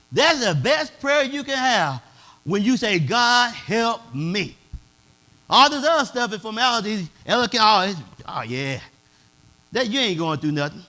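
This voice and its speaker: High-voiced pastor man preaching, aave, gets shouty, real bright tone. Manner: preaching in a dialect, swelling to shouts. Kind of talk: sermon.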